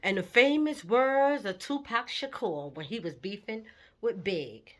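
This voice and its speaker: A woman's voice: medium pitch, expressive, a little slow, fairly bright tone. A woman telling a personal story in a candid, emotional vlog, with her intensity rising at times. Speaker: vlogger.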